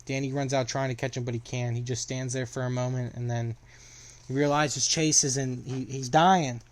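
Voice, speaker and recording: A young man walks through a story in a loose, casual recap. His delivery is flat and even, and he trips over his words and circles back as he goes. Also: medium pitch, normal speed. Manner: rambling, filler-heavy retelling with restarts.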